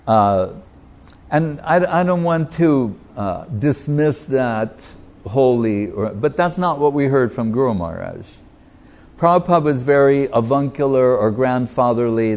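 A man giving a devotional talk as a spiritual teacher, reflective and unhurried, pausing with fillers and quoting Sanskrit verses. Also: mid-range voice, darkish tone.

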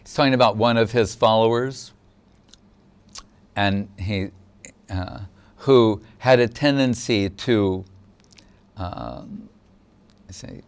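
Male spiritual teacher, devotional lecture, unhurried and smooth, mid-pitched, reflective. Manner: measured, reflective explaining.

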